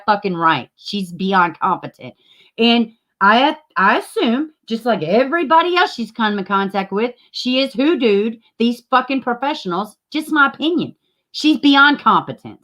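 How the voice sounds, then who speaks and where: A woman's voice: a little high, a bit bright. A woman hosting a casual live stream, greeting viewers by name and swearing freely. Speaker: livestream host.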